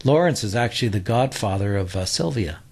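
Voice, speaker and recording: A man's voice: on the low side, animated, fairly quick, creaky, darkish tone, breathy edge. A man in his sixties from New York, a guest telling rambling anecdotes in a loose, chatty way full of "uh" and restarts. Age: 60s. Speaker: interview guest.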